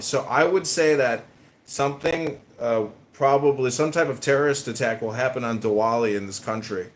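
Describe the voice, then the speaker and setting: A man of medium pitch lays out a conspiracy theory in an earnest, insistent tone. He partly reads from a text. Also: moderate pace. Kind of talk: conspiracy talk, reading aloud.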